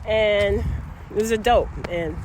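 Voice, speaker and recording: A woman yoga teacher casually sharing stories from her classes in a chatty, animated way. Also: medium pitch, slow, slight background noise. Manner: warm, chatty, animated storytelling. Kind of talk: casual storytelling vlog.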